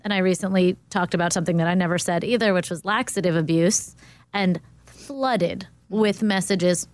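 A woman guest on a talk show, speaking in a quick, chatty, supportive way. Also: lowish voice. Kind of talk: casual podcast chat.

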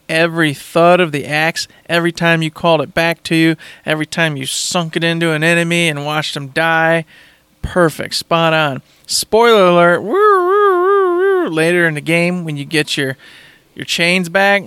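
A man's voice: a little high, steady tone, normal speed, pushed and bright, clear, resonant tone, dry recording. A man in casual chat, raving about a game in an enthusiastic, rambling way and repeating himself.

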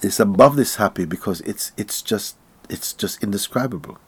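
This Jamaican man speaks at a moderate pace in a husky, lowish voice during a casual spiritual talk. Animated and frequently laughing, he sometimes lowers his voice to almost a whisper.

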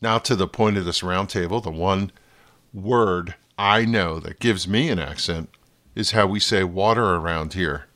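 A man's voice: sits low, unhurried, sharp tone. A man from New Jersey with a New Jersey accent, hosting a podcast in a scripted, playful monologue that now and then slips into a radio-announcer voice. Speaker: podcast host.

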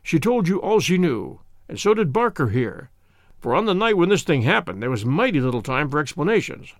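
A blunt, folksy American fugitive, telling his tale in a lively, rising and falling voice with a gravelly edge. The sound is dry and close. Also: a little high, brisk, dry recording. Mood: frank. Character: American fugitive man, older, frank and plain-spoken.

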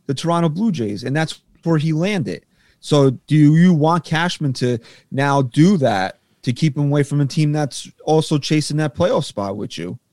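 A male podcast co-host debating sports and pushing back with pointed questions. His voice is a little higher than most men's. The sound is dry and close, with no room echo. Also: animated, normal speed, a little mellow. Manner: argumentative, questioning, plays devil's advocate. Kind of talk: casual sports chat.

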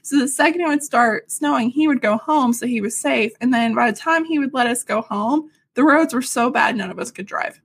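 A woman's voice: fairly high pitch, fairly quick, creaky, few pauses, breathy edge. A woman from Arkansas co-hosting a casual podcast chat, telling stories with sarcastic asides. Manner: chatty storyteller, sarcastic asides, frequent laughs. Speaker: podcast co-host.

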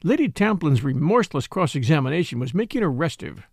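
A man narrating a novel in a scripted reading. His pitch is lively and slightly raised. The recording is close and dry. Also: brisk, no echo. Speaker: audiobook narrator.

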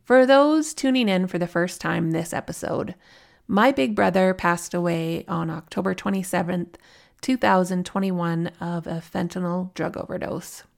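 A woman's voice: lowish voice, moderate pace, vocal fry. A woman in her forties hosting a podcast, telling a personal story in a candid, heartfelt way. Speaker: podcast host.

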